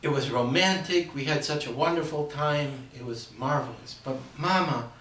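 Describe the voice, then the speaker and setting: A man's voice: a little high, normal speed, a bit bright, slight background noise, natural voice. A man voicing a distraught young bride who whines and pleads to be taken home. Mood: pleading, upset. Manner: whiny, pleading. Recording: roomy echo, far from the mic.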